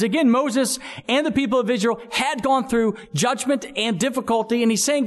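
A man's voice: very high voice, moderate pace, few pauses. A male pastor giving a sermon in an earnest, conversational preaching style.

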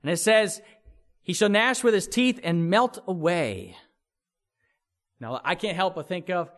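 A man preaching a sermon in an earnest, expressive way, throwing in vivid sound words to make his points. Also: high voice, measured pace, pauses often. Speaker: pastor.

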